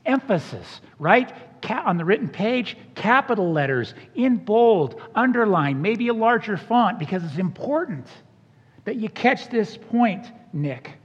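Male pastor, high and expressive, plays out the voices he quotes, muffled hall sound. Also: a little slow, husky. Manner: animated, acts out quoted voices. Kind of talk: sermon. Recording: dull sound with long hall reverb.

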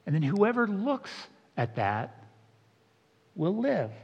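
High-voiced man preaching in a reverberant hall. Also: very animated, takes it slowly, vocal fry, husky. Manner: conversational, emphatic preaching with asides. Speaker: pastor. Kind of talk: sermon. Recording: dull sound with long hall reverb.

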